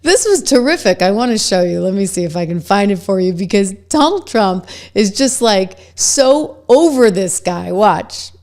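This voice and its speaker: A woman with a New Hampshire accent hosting a political commentary show, brisk and wry with chuckling asides. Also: medium pitch, expressive, darkish tone. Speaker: show host.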